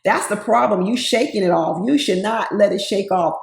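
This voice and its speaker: A woman with a medium-pitched, gravelly voice speaks at a moderate pace, offering casual, opinionated commentary on a reality show. She addresses her viewers directly with plenty of sass, and the recording has a roomy echo.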